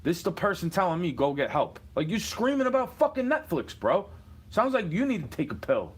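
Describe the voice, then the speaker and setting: A man rants straight to camera in a husky voice, cursing and sounding aggrieved as his pitch swings widely from low grumbles to sharp highs. It plays as a rambling, heated monologue. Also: big pitch swings, brisk. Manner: aggrieved, profane, rambling rant. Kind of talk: ranting monologue.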